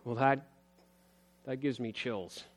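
A man preaching a sermon as a pastor, earnest, building emphasis and then dropping low, with scripture read aloud. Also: takes it slowly.

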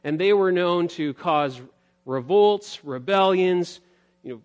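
An earnest man preaches a sermon, his somewhat high voice climbing on key points before sinking low and quiet. He reads scripture aloud in the same steady preaching voice. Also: slow pace, lo-fi sound. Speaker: pastor.

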